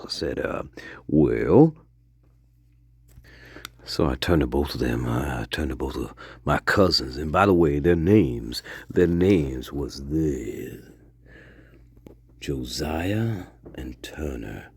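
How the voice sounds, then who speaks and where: Man doing a gravelly old yarn-spinner. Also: lowish voice, no echo, studio quality, full character voice. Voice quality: gravelly, husky. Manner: rambling, profane, digressive, jumps between hushed mutters and loud outbursts. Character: rambling very old Delta man telling tall tales. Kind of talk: improvised comedic monologue.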